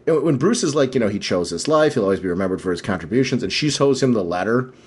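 A man's voice: on the low side, lively intonation, fast, a little mellow, slightly rough. A man co-hosting a podcast, chatting casually about comics with enthusiasm and the odd laugh. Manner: enthusiastic, thoughtful, laughs at times. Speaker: podcast co-host.

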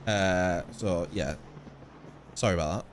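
With a low voice and slow pace, a young sim racing host chats rambly and casually with his stream's viewers. A little hiss or hum sits in the recording.

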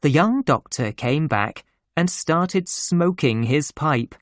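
A narrator reading a children's memoir story slowly and clearly for English learners. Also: mid-range voice, lively intonation, dry recording, studio quality. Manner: slow, clear and deliberate. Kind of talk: slow graded-reader storytelling for English learners.

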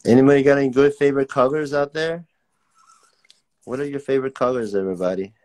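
A man's voice: mid-range voice, quick pace, darkish tone. A young man teaching a casual live-streamed drawing class, chatty and laid-back, reading out viewer comments as he draws. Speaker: art teacher.

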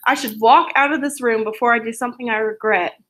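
A woman reading aloud the lines of a bitter, resentful middle-aged aunt in a sharp, accusing way. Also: on the high side, fairly even intonation, fast, lightly acted.

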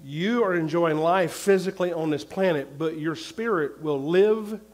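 A male pastor preaching a sermon, repeating his points and swinging between loud and hushed. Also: on the high side, moderate pace.

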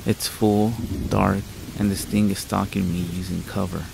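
A man reading scary stories aloud as a narrator, in a slow, steady, hushed way, with rain behind him. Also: low-pitched, gravelly, background noise. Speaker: horror story narrator. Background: rain sounds.

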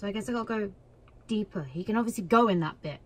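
A woman commentating her own gameplay in an excitable way, cheering, shouting and laughing at the screen. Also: mid-range voice, fast talker, background noise. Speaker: gaming video creator. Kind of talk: let's play commentary.

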